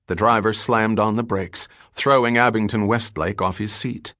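A man narrating an audiobook in an even, steady storytelling manner. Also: lowish voice, moderate pace, hardly any pauses, dry recording, clean studio sound. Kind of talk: scripted narration.

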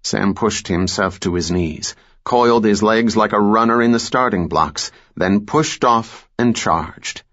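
A man narrating a thriller audiobook in a measured, steady way. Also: lowish voice, dull audio.

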